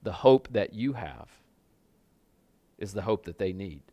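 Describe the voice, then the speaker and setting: A man's voice: on the low side, animated, unhurried, warm tone, dry recording, lo-fi sound. A man preaching a sermon as pastor, in a loose, conversational way full of casual fillers and repeats, speaking in a church. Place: church sanctuary with a congregation.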